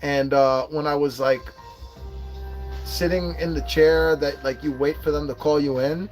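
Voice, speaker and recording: A man's voice: fairly high pitch, steady tone, measured pace, soft background music. A man in his forties, hosting a casual livestream and telling a rambling, profane story. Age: 40s. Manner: profane, rambling storytelling with put-on quoted voices. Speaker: livestream host.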